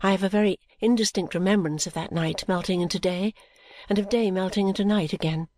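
A woman reading a novel in first person, in a measured, gentle way. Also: mid-range voice, steady tone. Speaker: audiobook narrator. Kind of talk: first-person audiobook narration.

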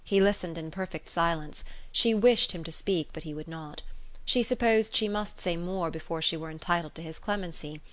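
A woman narrating a classic novel in an even, measured reading. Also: lowish voice. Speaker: audiobook narrator. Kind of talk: scripted narration.

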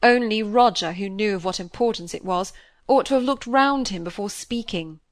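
An anxious young gentleman in a storybook reading who speaks brusquely and presses his point, put on by a woman narrator. The voice stays close to the reader's own, pushed slightly louder, and the recording is dry. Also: mid-range voice, normal speed, no echo, lightly acted. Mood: curt. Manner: brusque, insistent.

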